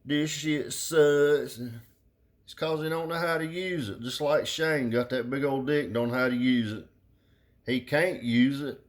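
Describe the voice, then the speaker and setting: A middle-aged man with a drawl talks in a loose, rambling rant. He is blunt and profane and full of slang. His voice sits at an ordinary, mid-range pitch. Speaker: car audio vlogger.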